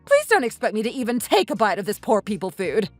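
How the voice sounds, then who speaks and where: A woman's voice: mid-range voice, sing-song, fast talker, no room sound, faint music behind. A woman voicing a snobbish, spiteful young woman in a voiced texting story, with haughty, sneering outbursts. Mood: scornful.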